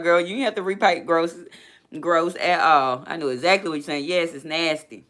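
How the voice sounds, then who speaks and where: Woman, live-stream host, casual comment chat, bright voice, animated, laughs a lot. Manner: chatty and animated, laughs often, quick pitch jumps. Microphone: laptop.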